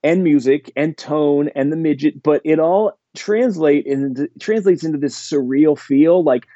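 A man's voice: a little high, a little slow, warm tone, dry recording, lo-fi sound. A man in casual chat, rambling enthusiastically with lots of fillers. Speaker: podcast guest.

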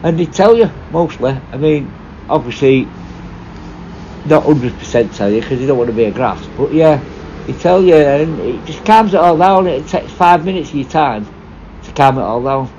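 A former prison officer telling stories casually, blunt and full of swearing, rambling and restarting. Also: male voice, a little high, expressive, normal speed, darkish tone, highs cut off, slight background noise. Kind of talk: casual storytelling.

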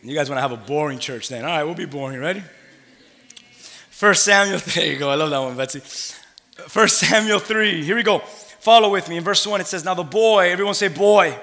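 A man in his thirties delivers a sermon, voice sitting a little high and ringing bright and forceful. He pulls the congregation into call-and-response, jumping from near-shouts to quiet asides. The sound carries a long reverb from the church hall. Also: fairly quick. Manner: animated call-and-response preaching, swings from shouts to hushed asides. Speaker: pastor. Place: church sanctuary.

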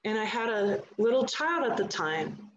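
A woman's voice: medium pitch, sing-song, normal speed, dull audio. A woman speaking as a guest in a live conversation, telling her story in an earnest, emphatic way. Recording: echoey room, faint background noise.

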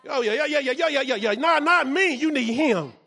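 A man preaching a sermon as pastor, often shouting and repeating phrases, calling out to the congregation for responses. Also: very high voice, expressive, a little fast.

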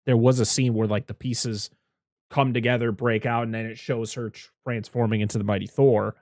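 A man's voice: mid-range voice, little pitch movement, normal speed, a little mellow, dry recording, clean studio sound. A man in casual conversation about a movie, rambling, with many restarts and acted-out quotes.

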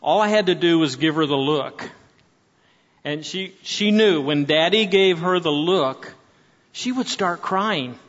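A man in his sixties addresses a church gathering in a preaching style, telling stories with frequent restarts. His voice is a little high, a little slow and a bit bright, and the recording sounds dull with long hall reverb.

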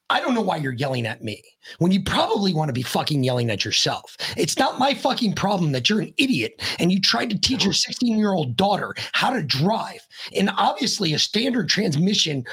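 A man with a deeply husky, raspy voice swings his pitch up and down while he spins a blunt, profane story. He sits as a guest on a podcast and talks in loose, rambling chat. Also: normal speed. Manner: animated, rambling delivery. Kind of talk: casual storytelling.

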